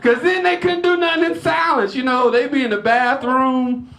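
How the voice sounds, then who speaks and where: A man doing a stand-up comedy set at a lodge, telling family stories, acting out the people in them with shouts and laughing at his own jokes. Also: very high-pitched, normal speed, gravelly. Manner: animated storytelling, acting out family members in shouted bits. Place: lodge hall before a live audience.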